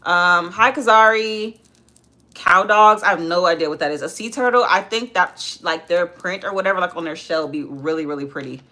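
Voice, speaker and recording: A young woman talks through her makeup on a casual livestream, reading out viewer comments and answering each one. Her voice sits a little low but sounds bright and clear, and her tone stays loose and chatty. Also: moderate pace. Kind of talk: casual live-stream chat while doing makeup.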